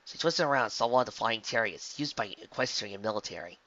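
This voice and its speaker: A man reading a fan fiction story aloud in a plain, steady manner. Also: fairly low pitch, quick pace, dry recording, highs cut off. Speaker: narrator.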